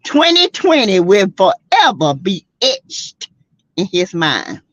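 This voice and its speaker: Streamer, woman from South Carolina: sassy, outspoken, laughs a lot, slow drawl with big swings in pitch, dry lo-fi sound. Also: huge pitch swings, no echo. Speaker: livestream host. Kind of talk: casual reality-show commentary to a live chat.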